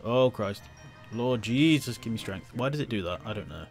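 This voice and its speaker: A man's voice: medium pitch, lively intonation, normal speed, faint music behind. A man giving casual let's-play commentary, jittery, chatty and self-mocking as he plays. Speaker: gameplay commentator.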